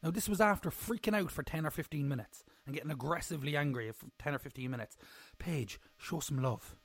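A man's voice: on the high side, fast, a bit bright, dry recording. A young man, hosting a casual solo recap podcast in a rambling, jokey, self-mocking way. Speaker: podcast host.

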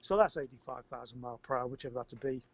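An older man tells a story as an interview guest, rambling, repeating words and getting animated when he acts out shouting. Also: medium pitch, very fast, creaky. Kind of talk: casual storytelling. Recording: dry, slightly muffled audio.

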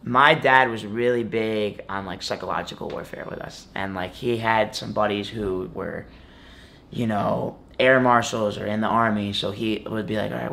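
A man's voice: lowish voice, vocal fry, fairly bright tone. A young man talking casually as an interview guest, rambling with lots of fillers. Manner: rambling, many fillers like "like" and "you know". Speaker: guest, college wrestler.

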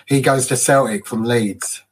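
A man's voice: mid-range voice, unhurried, husky. A man co-hosting a casual football podcast, chatty and fond of telling anecdotes. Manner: chatty storyteller, laughs at his own anecdotes. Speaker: podcast co-host.

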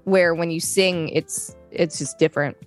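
A woman co-hosting a podcast, reading facts in a steady, matter-of-fact way. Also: fairly low pitch, a little slow, soft background music. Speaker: podcast co-host. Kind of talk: casual podcast reading and chat.

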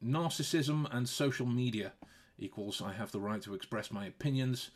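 A man hosts a relaxed podcast conversation at an ordinary middle pitch. He often stumbles, restarts his sentences and laughs between points. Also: moderate pace. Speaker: podcast host. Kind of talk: casual podcast chat.

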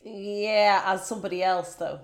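A woman's voice: medium pitch, fairly even intonation, moderate pace. A woman producer joining the podcast chat, chatty and confident.

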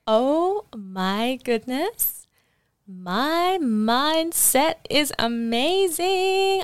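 Animated woman podcaster, smooth and clear. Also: medium pitch, no room sound. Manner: animated and emphatic, laughs often. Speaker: podcast host. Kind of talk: solo podcast monologue.

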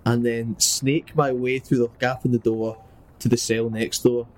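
A man's voice: mid-range voice, level tone, unhurried, a little hiss or hum. A man, chatting playfully as a tabletop player. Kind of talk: casual tabletop game chat.

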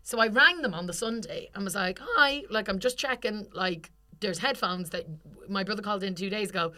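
A woman's voice: medium pitch, fairly quick. A young woman co-hosting a podcast, telling a funny story in casual chat, swearing freely and acting out the people in it. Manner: animated, swears freely, acts out quoted people. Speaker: podcast co-host.

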